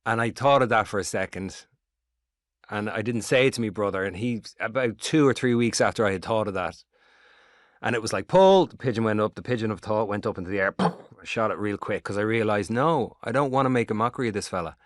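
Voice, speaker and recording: A middle-aged Irish actor in a casual interview, telling long rambling stories with lots of swearing. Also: male voice, on the low side, fast, no room sound, studio quality. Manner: rambling, animated storytelling with swearing. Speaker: actor guest.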